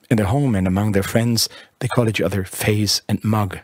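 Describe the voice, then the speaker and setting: Low, husky male narrator. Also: steady tone, moderate pace, darkish tone, no echo, studio quality. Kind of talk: literary audiobook narration.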